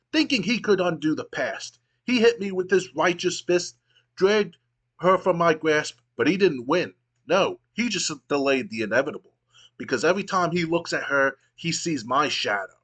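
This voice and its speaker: A man voicing a dark, theatrical male wrestling cult leader who delivers menacing speeches. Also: a little high, voice pushed up.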